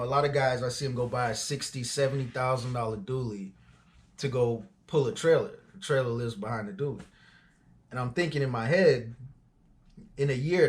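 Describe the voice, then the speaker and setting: A man of forty, an auto transport business owner, tells his story in a loose, conversational way with frequent fillers and asides. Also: mid-range voice. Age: 40s. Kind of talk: casual storytelling.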